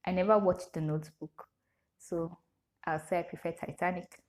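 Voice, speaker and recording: A young woman with a Nigerian English accent chats straight to camera, reading out questions and answering them one after another. Her voice sits a little low for a woman, and she breaks into laughter often. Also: steady tone, moderate pace. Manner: chatty, reads questions aloud then answers with frequent laughter. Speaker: vlogger. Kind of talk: casual Q&A chat to camera.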